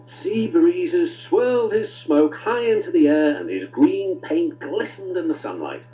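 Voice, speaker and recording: Guy reading a kids train story, voice all over the place pitch-wise, muffled, soft music. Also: measured pace, hardly any pauses, a little hiss or hum. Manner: warm, expressive storytelling with big pitch swings. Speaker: narrator. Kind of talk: storybook narration.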